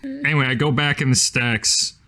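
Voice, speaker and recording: A man's voice: mid-range voice, sing-song, moderate pace, sharp tone. Joking young man playing a tabletop game. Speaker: player.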